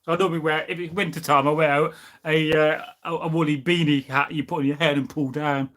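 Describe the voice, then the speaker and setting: This man talks fairly quickly with little change in pitch, his a-little-high voice carrying a bright, forceful edge. He drifts between topics on a relaxed live stream, reading viewer comments, sounding opinionated and loose and saying um often.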